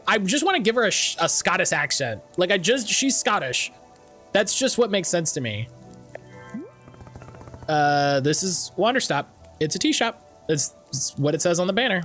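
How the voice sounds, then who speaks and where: A man's voice: fairly high pitch, big pitch swings, moderate pace, long pauses, fairly bright tone, soft background music. A man commentating a live game stream in a rambling, joking way, often repeating himself.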